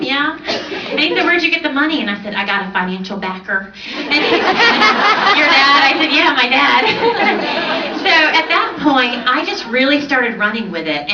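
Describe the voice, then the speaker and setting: A woman in her thirties telling her personal story to an audience on a stage, animated and often laughing. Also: mid-range voice. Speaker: conference speaker. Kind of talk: personal success story speech. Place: large event stage. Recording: roomy, distant, dull, slightly noisy.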